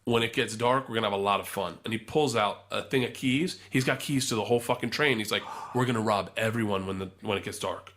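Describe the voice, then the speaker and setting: Young man, profane animated storyteller, bright forceful voice, podcast chat. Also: lowish voice, fast, few pauses. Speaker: podcast guest.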